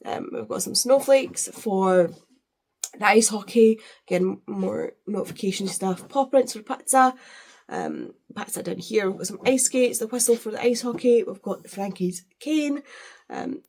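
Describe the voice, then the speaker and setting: Woman unboxing books, gushy and rambly, mid-pitched voice. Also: very animated, unhurried, darkish tone. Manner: gushing, chatty, many fillers. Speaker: book vlogger. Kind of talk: casual unboxing chat.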